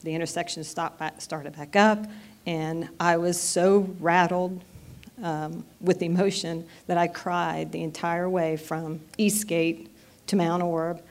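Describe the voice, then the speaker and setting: A woman in her fifties giving a personal testimony in church, earnest and halting, with frequent restarts. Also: lowish voice. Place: church sanctuary.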